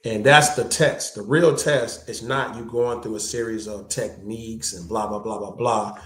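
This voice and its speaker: A man who is a guest and martial artist, telling lively anecdotes in casual slangy talk and acting out the voices of the people in his stories. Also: lowish voice, normal speed, reverberant. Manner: animated anecdotes, slangy, acts out quoted voices. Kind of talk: casual storytelling chat.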